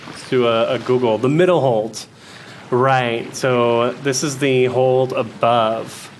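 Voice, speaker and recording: Game master, male, unhurried and rambling, restarts often. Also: medium pitch, fairly even intonation, a little hiss or hum. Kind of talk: narrating a solo tabletop game.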